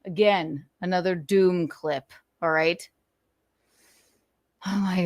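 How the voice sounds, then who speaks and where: Slow-talking woman host, profane and emphatic. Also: on the low side, steady tone, no room sound, studio quality. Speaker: show host. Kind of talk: casual talk-show commentary.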